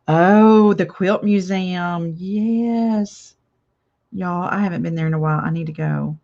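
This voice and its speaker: A woman's voice: on the low side, measured pace, creaky, a little mellow, highs cut off. An older woman hosting a casual live craft chat, chatty and reading viewer comments aloud with frequent laughs. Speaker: craft channel host.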